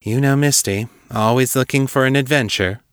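Guy doing a higher, cool, amused noble lady, sharp edge under the drawl. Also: normal speed, smooth, no echo, clean studio sound, close to an everyday voice. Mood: droll. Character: droll, cutting noblewoman, coolly hostile.

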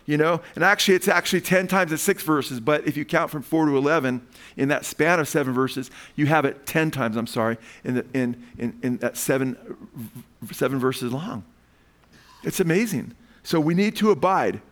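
A man preaching a sermon in a church, speaking into an amplified microphone with animated, emphatic questions to the congregation. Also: on the high side, moderate pace. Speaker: pastor. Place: church sanctuary.

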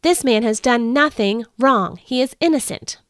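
A woman's voice: on the high side, moderate pace, smooth, no room sound, studio quality, voice pushed up, close to an everyday voice. A woman voicing a dying, repentant male criminal in a read-aloud story, in a pleading manner. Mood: earnest.

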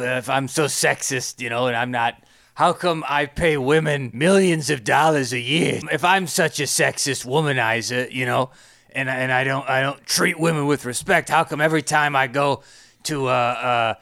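A man's voice: mid-range voice, normal speed, creaky, a bit bright, no echo, studio quality. A man voicing a brash, crude male company boss who boasts and barks at his producer, in an improvised comedy podcast bit. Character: brash sleazy male CEO Mort, middle-aged. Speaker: podcast co-host.

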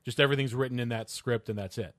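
A man's voice: medium pitch, fast, fairly bright tone, no echo. A man co-hosting a casual podcast chat, explaining at length with frequent restarts and hesitations.

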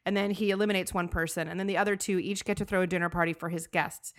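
A woman's voice: lowish voice, steady tone, quick pace. A woman co-hosting a podcast in casual chat, chatty and enthusiastic, often trailing off mid-sentence. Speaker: podcast co-host.

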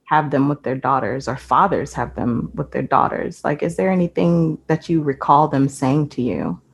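A woman's voice: deep voice, animated, moderate pace, gravelly, breathy edge. A woman interviewing a guest in a curious, chatty way. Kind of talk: casual interview chat.

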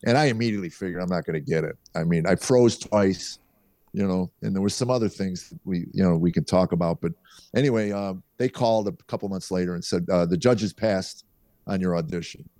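Here a deep-voiced middle-aged man talks a little fast as he tells anecdotes on a podcast. He's a comedian from a small town south of Chicago, USA, an animated storyteller who acts out voices, and the sound has no echo.

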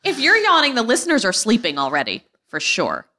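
A woman's voice: on the high side, wildly swooping pitch, fairly quick, sharp tone. A woman hosting a podcast, chatting in a brash, joking way and swearing freely. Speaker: podcast host. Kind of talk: casual podcast chat.

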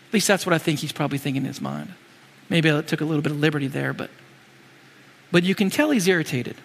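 A preacher gives a loose, lively sermon, repeatedly posing rhetorical questions. His high, bright voice has vocal fry, he talks fast, and his pitch moves over a wide range. Every line trails off into long hall reverb.

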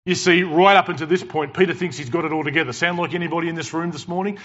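Animated pastor preaching. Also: male voice, fairly high pitch, fast, few pauses. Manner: animated, emphatic storytelling with jokes. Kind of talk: sermon. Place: church. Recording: dull lo-fi church recording.

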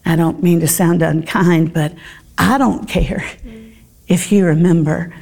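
A middle-aged woman teaches a Bible study, telling her story with earnest, heartfelt pauses and fillers. Her voice sits low, with a gravelly fry and a dark, mellow tone. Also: steady tone.

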